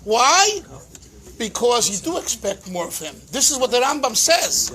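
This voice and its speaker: A man, a rabbi, giving a farbrengen teaching talk with animated storytelling and emphatic repetitions. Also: very high-pitched, unhurried.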